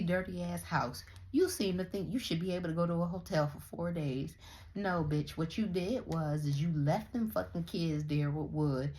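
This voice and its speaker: A woman's voice: on the low side, darkish tone. Blunt, profane young woman ranting. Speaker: vlogger commenting on other creators. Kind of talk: casual commentary rant.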